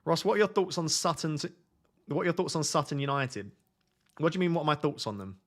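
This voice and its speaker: A man's voice: on the high side, fast, a bit bright. A man hosting a live fantasy football stream from home at night, reading chat aloud in a jokey, self-mocking way.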